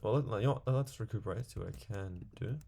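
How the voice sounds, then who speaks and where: Gravelly, low-voiced gamer rambling. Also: male voice, fast, warm tone, a little hiss or hum. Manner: rambling, chatty, talks to himself while playing. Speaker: gaming video creator. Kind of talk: casual gameplay commentary.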